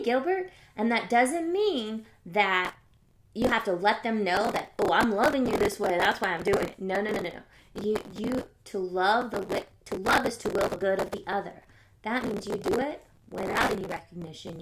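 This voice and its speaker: A woman hosting a live stream, giving an earnest, musing faith talk to her viewers and coming back to key phrases. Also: medium pitch. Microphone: phone or webcam on a live stream. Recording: loud noise, jumbled live-stream audio.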